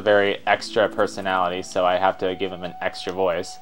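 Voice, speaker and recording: A man's voice: deep voice, little pitch movement, fairly quick, a little hiss or hum. A young man giving casual gameplay commentary in a rambling, self-deprecating way. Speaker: let's player.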